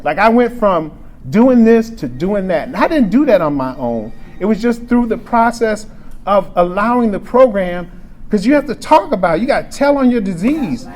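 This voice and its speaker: A man's voice: high-pitched, very animated, normal speed, darkish tone. A man in his forties giving a frank, emotional personal testimony at a recovery convention, often restarting his sentences. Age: 40s. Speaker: speaker sharing recovery story at a convention. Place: convention meeting room.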